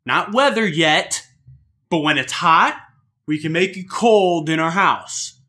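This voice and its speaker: A young man with a high, bright voice talks in a casual podcast chat. He is animated and crude, swears freely, and slips into mocking voices to act out his jokes. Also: slow. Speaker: podcast co-host.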